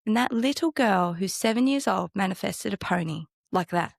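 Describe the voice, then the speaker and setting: A woman, a guest in a casual conversation, telling a personal story in an animated way and acting out the voices of the people in it. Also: mid-range voice, normal speed, vocal fry, no echo, studio quality. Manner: animated, acts out quoted dialogue.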